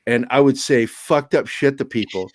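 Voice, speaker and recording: A man's voice: medium pitch, normal speed, no echo. A man guesting on a podcast, telling stories in a casual, profane, self-mocking way. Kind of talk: casual storytelling chat.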